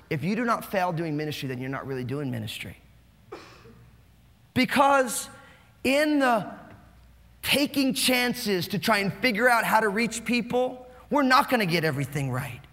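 Fast-talking New Jersey pastor in a hall. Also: male voice, very high voice. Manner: animated, fast-talking, joking. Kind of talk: sermon. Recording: long hall reverb.

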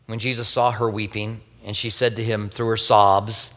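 A male pastor with a fairly low, slightly bright voice preaches at a moderate pace and level tone, earnestly telling a Bible story. He mixes in wry asides and speaks with a tender, grieving personal warmth, all under long hall reverb.

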